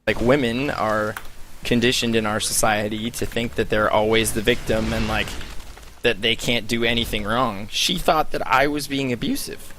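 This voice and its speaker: A man's voice: medium pitch, steady tone, moderate pace, a bit bright, a little hiss or hum. A man telling a story in a casual, heated rant, swearing often and filling his talk with "like". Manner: heated, profane, filler-heavy storytelling. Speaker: streamer. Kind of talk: casual ranting monologue.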